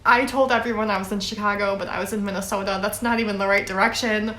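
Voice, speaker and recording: A woman's voice: mid-range voice, steady tone, fast talker, fairly bright tone. A young woman in her twenties telling a long story casually, rambling with fillers and little laughs. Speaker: vlogger. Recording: echoey room.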